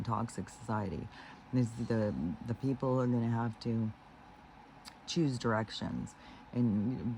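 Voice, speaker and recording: A man giving a rambling spiritual monologue, full of fillers and restarts and slowing down on his key phrases. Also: mid-range voice, dark tone, slight background noise, poor audio. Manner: meandering, heavy with fillers and restarts; earnest, slows down on key phrases. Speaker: spiritual vlogger.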